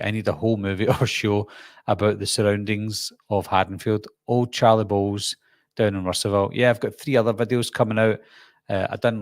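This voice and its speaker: A middle-aged man with a Glaswegian Scottish accent, hosting a relaxed live stream and chatting while reading out viewer comments. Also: lowish voice, no room sound. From Scotland. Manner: chatty, jokey, reads comments aloud and answers. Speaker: channel host.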